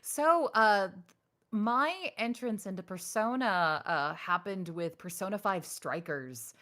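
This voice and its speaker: A woman's voice: medium pitch, takes it slowly, fairly bright tone. A woman voice actress telling stories as an interview guest, acting out her own past reactions with animation. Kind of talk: casual interview storytelling.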